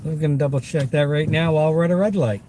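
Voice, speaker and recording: A man's voice: fairly high pitch, quick pace. A man with a Boston accent chatting upbeat with his viewers while driving for a food delivery job, in a car with the window cracked. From Massachusetts. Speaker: food delivery driver livestreaming. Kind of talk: casual live-stream chat while driving. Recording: loud wind and road noise in car. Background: traffic and wind through open window.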